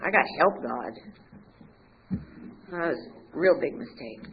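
A woman's voice: low-pitched, animated, a little slow, creaky, lo-fi sound, slight background noise. A woman giving a personal recovery testimony, telling her story candidly with wry humor and acting out the conversations. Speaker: recovery speaker.

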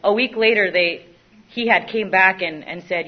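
A woman's voice: on the low side, brisk. A young woman giving a candid, self-mocking personal recovery testimony, often stopping and restarting her sentences. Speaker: recovery speaker. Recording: dull lo-fi recording.

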